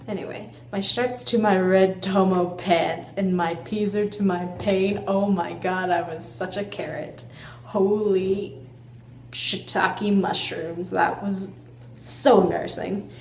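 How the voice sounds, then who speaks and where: A woman's voice: lowish voice, gravelly, reverberant, slight background noise, poor audio. A young woman vlogger reading an old letter aloud and mocking her own writing as she goes. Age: young adult. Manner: self-mocking, animated.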